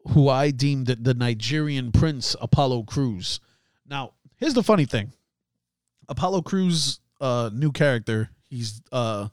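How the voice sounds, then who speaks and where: A man hosts a laid-back solo commentary in an ordinary mid-range voice. He rambles, stumbles over words and laughs at his own slips. The sound is dry and close, with no room echo. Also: mid-range voice. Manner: chatty, laughs at himself, many fillers and restarts. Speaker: podcast host.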